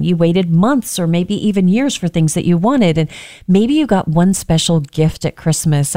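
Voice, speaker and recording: A woman's voice: low-pitched, warm tone, no room sound, studio quality. An American woman hosting a reflective faith-based talk, telling personal stories in an earnest way with self-deprecating asides. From United States.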